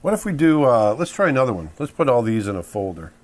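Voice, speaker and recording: A middle-aged drawing instructor talks fast and conversationally at a mid pitch as he sketches, keeping a relaxed tone. Every so often he bursts into short acted-out exclamations to convey the emotions he's drawing.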